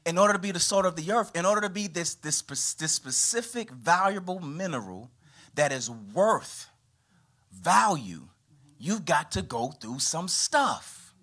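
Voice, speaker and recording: Animated man preaching a sermon. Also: unhurried, breathy edge. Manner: animated preaching with sweeping pitch and volume. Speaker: pastor. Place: church.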